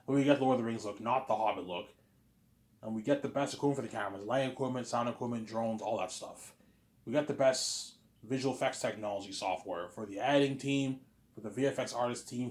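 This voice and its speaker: A man talking casually in a rambling monologue, often saying "obviously" and pleading with emphasis. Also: mid-range voice. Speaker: host. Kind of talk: casual monologue, imagined film planning.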